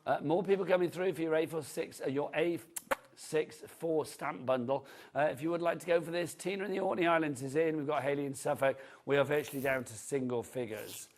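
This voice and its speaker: A man's voice: on the high side, fairly quick. A man presenting on a live shopping channel, chatty and upbeat, reading out buyers' names, prices and item codes. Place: TV studio.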